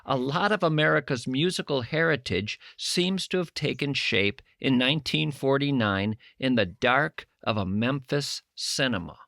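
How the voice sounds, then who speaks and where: A man's voice: medium pitch, animated, normal speed, gravelly, few pauses, a bit bright, no echo, clean studio sound. A man hosting a radio talk show, musing thoughtfully in long, winding sentences as he interviews a guest. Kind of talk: conversational interview.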